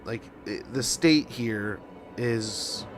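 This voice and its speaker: A man's voice: medium pitch, drawn-out words, slight background noise. Rambling man telling a casual story. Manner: rambling, with many restarts and self-corrections. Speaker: game streamer.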